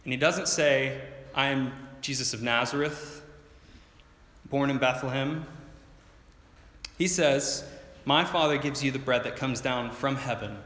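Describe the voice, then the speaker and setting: Man, pastor giving a sermon, earnest and emphatic, forceful bright tone, echoey church hall. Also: medium pitch, a little slow, pauses often. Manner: earnest explaining, builds up to emphatic points.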